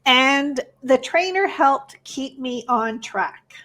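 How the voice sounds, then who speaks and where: A woman hosts an interview podcast, speaking frankly about her own experience before turning it into a question for her guest. Her voice is a little higher than average and full of expression. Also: slow. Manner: candid and expressive, asking questions. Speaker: podcast host. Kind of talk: casual interview conversation.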